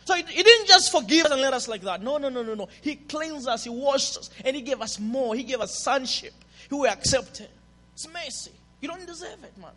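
A man preaching a passionate sermon as a pastor, dropping to a hush and then building to shouts. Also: very high-pitched, lively intonation, normal speed. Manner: passionate, swings from hushed to shouting. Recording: reverberant hall.

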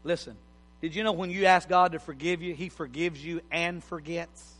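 A man's voice: a little high, steady tone, normal speed, fairly bright tone. A middle-aged man preaching a sermon in a folksy, joking, plain-spoken way. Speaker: pastor. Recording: hall reverb.

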